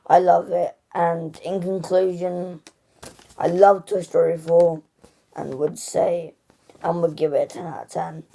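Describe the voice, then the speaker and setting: A woman's voice: fairly low pitch, flat delivery, a little slow, gravelly, mellow. A woman hosting a casual spoken movie review, gushing and rambling with lots of "like" and restarts.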